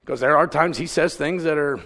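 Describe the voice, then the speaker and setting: Speaking fairly quickly in a slightly high, somewhat bright voice, a man preaches in a large hall. His sermon is conversational, built on storytelling and questions aimed at the congregation.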